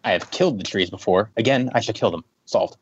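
Man putting on a deep, grim office zealot. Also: fast talker, husky, no room sound, muffled recording. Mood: solemn. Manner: solemn, boastful declarations. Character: grim self-serious male office worker.

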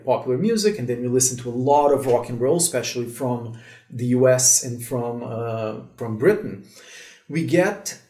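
A man from Brazil with a Brazilian Portuguese accent, a drummer telling his story as an interview guest, animated and full of fillers. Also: mid-range voice, roomy sound.

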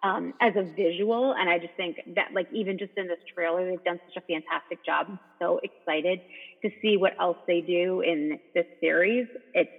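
A man chatting casually in an excitable, gushing way, full of likes and you-knows. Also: sits high, moderate pace, vocal fry. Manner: gushing, excitable, filler-heavy. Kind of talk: casual fan discussion. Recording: tinny phone-like line with long reverb.

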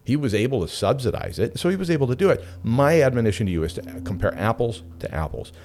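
Speaking at medium pitch and a quick pace, a middle-aged man hosts a relaxed talk radio show. He tells stories in a lively, chatty way, full of asides.

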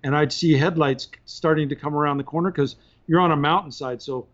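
A man, a podcast guest, tells a long story in a relaxed, chatty way and chuckles now and then. His voice sits slightly high for a man. The recording is a bit muffled and lo-fi. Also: brisk. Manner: animated, laughs between points. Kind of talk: casual anecdotal storytelling.

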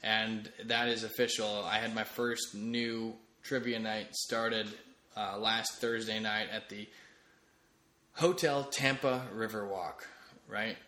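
Brief: lower-pitched male comedian-podcaster, chatty and meandering, roomy echo on the mic. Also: completely flat delivery, takes it slowly, sharp tone. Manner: rambling, with frequent restarts and fillers. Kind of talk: casual solo podcast monologue. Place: room, late at night. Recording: echoey room.

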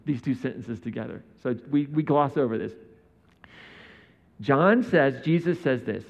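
A man's voice: medium pitch, unhurried, creaky, pauses often. A man preaching a sermon in a conversational way, often asking his listeners rhetorical questions. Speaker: pastor. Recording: dull sound in a reverberant hall.

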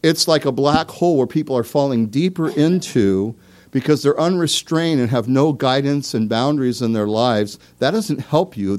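A man's voice: mid-range voice, darkish tone. Conversational male pastor preaching. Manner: conversational, with asides and self-deprecating laughs; asks the listeners direct questions. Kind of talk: sermon.

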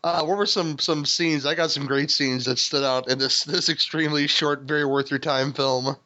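A man's voice: fairly high pitch, steady tone, normal speed, pushed and bright. Male podcast host, casual movie chat, laughs and curses a lot, slightly muffled lo-fi sound. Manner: laughing, swearing, rambling with restarts. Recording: dull lo-fi sound.

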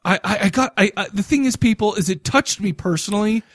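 A man co-hosting a casual podcast, excitable and profane, full of stammered restarts and laughter. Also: sits high, fast, dry recording, clean studio sound. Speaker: podcast co-host.

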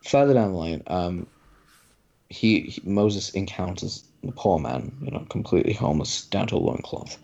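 Casual storyteller, man, low mellow voice, muffled recording. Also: animated, normal speed, creaky. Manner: casual, paraphrasing with many fillers. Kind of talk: podcast conversation, storytelling.

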